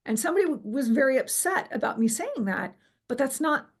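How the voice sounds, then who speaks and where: A middle-aged woman recounting a personal near-death experience in an interview, animated and acting out what people said, with frequent fillers. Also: sits high, a little fast, husky. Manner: animated storyteller, acts out quoted dialogue, frequent fillers. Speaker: guest telling her near-death experience.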